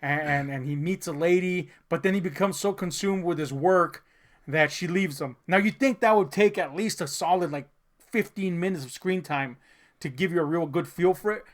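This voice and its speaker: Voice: mid-range voice, moderate pace. Sarcastic, profane movie-review ranter. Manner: profane, sarcastic ranting with frequent laughs; rambling, with fillers and restarts. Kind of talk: comedic movie review chat.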